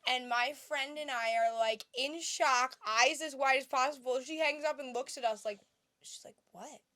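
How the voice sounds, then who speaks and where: Woman, young adult, podcast co-host, bright tone, animated storytelling. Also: high-pitched, moderate pace. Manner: animated storyteller, laughs often. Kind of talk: casual chat.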